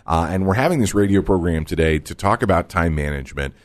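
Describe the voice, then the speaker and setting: Animated Texan radio host, low voice. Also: male voice, quick pace. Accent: Texas. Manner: animated, emphatic, conversational. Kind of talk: radio talk show.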